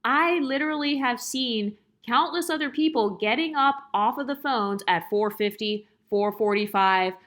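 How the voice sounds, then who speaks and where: A woman's voice: a little high, normal speed, few pauses, a bit bright. A woman telling a casual storytime, exasperated and sarcastic, firing off rhetorical questions with salty, profane language. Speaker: storytime vlogger.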